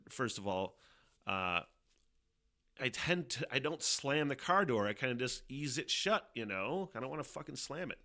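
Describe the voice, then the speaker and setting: A man's voice: medium pitch, bright, forceful tone, dry recording, studio quality. Profane, rambling male podcast host. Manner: profane, rambling, self-mocking, laughs often. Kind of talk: casual solo live-stream podcast. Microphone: headphones on, desk mic.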